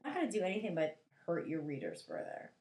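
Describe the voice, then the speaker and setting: A woman's voice: lowish voice, huge pitch swings, fast, very noisy. A young woman giving a rambling, sarcastic book review, full of "like" fillers. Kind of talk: casual vlog book review.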